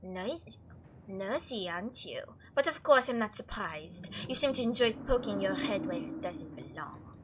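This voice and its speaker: A woman voicing a haughty, hostile talking cat in a game, with a cold, slow and sneering delivery. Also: mid-range voice, lively intonation, background noise, pitched below the performer's own voice, natural voice.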